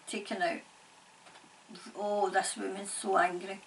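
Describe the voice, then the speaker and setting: A Scottish woman working as a psychic medium, talking in a halting, repetitive way and laughing often. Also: mid-range voice, fairly even intonation, vocal fry, recorded from a distance, slight background noise, poor audio. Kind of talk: channelling session, casual monologue.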